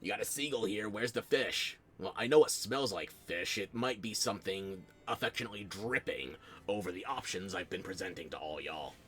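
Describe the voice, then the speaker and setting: A man's voice: low-pitched, moderate pace, fairly bright tone, soft background music. A man chatting casually with viewers while streaming a game, playful and self-deprecating, talking into a close desk microphone. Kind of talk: casual live-stream chat while playing.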